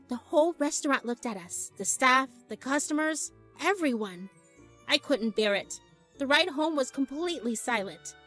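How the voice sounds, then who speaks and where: A woman's voice: a little high, a bit bright. A young woman narrating a family story with an exasperated storytelling manner.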